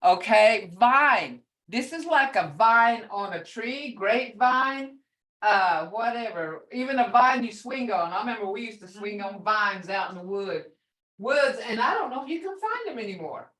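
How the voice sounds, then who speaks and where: An older woman teaching a beginner language class over a video call, speaking slowly and patiently, often chuckling as she repeats each word. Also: fairly high pitch, animated, fairly bright tone. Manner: slow, patient, repeats words to model sounds; chuckles often while explaining.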